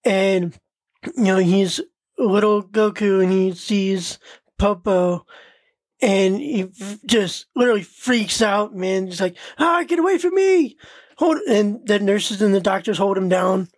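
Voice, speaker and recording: A laid-back man chats casually as a podcast co-host, sounding easygoing and relaxed with his friend. He speaks slowly and takes his time. The sound is dry. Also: sits high, dry recording.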